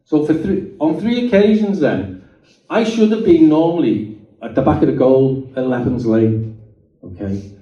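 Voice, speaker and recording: A man's voice: a little high, expressive, unhurried. A middle-aged man giving a chatty personal testimony to an audience in a meeting hall, often checking in with "okay?" and "right?". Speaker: guest speaker giving a testimony. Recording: roomy hall, distant mic, dull sound.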